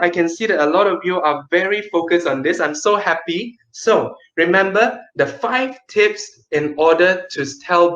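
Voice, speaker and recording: A man teaching an online kids' storytelling class, lively and playful, with dramatic pauses. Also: high voice, reverberant, muffled recording.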